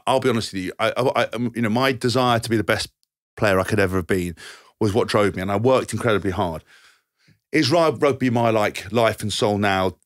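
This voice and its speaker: A man's voice: on the low side, dry recording, studio quality. A man in his thirties, a podcast co-host and former rugby player, telling stories with lots of laughing, swearing and imitating people. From England. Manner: animated storyteller who mimics others, laughs often, swears casually. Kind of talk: casual anecdote telling.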